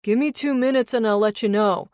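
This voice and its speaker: A woman's voice: medium pitch, animated, a little fast, no room sound, clean studio sound, pitched above the performer's own voice, close to an everyday voice. A woman narrator voicing a goofy, squeamish young biker man who gets flustered.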